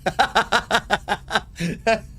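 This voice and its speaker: A man's voice: high-pitched, fairly even intonation, drawn-out words, sharp tone, slight background noise. An Australian man streaming a game live, chatting with viewers and reading the on-screen text aloud. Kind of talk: casual live gameplay commentary.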